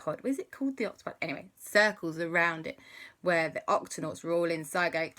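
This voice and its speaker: A woman's voice: lowish voice, animated, a little fast, a bit bright. A woman making up an adventure story for children, playful and full of sound effects and gasps. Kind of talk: improvised bedtime story for kids.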